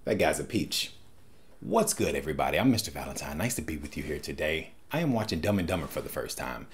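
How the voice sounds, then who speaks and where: A man's voice: extremely low pitch, big pitch swings, quick pace, a little hiss or hum. Wisecracking man hosting movie reactions. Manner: jokey, wisecracking asides. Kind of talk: casual reaction commentary.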